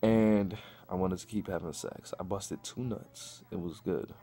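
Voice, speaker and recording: A man's voice: deep voice, measured pace, breathy edge. A young man telling a crude personal story in a profane vlog rant, acting out what people said. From Chicago. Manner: profane, animated, acts out quotes. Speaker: vlogger.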